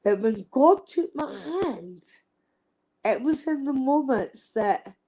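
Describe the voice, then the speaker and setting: A woman's voice: high voice, animated, takes it slowly, mellow, poor audio. A young woman talking openly and emotionally on a live stream, swearing freely and repeating herself. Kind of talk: emotional casual chat.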